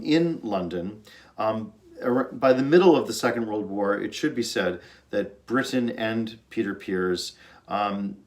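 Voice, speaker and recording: Low-voiced conductor telling a story. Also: male voice. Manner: earnest, storytelling, with fillers and restarts. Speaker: orchestra conductor. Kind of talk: informal talk about music.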